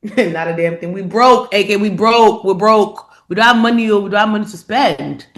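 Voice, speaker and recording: A woman co-hosting a podcast in casual chat, an animated storyteller who acts out loud quotes of her father. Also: medium pitch, moderate pace. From immigrant family, not from this country. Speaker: podcast co-host.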